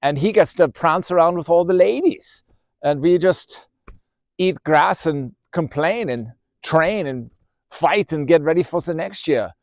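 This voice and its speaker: Man voicing a self-pitying bull elk, big and glum, rambling, halting, dry close sound, storybook. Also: on the high side, darkish tone, no room sound, voice pushed up.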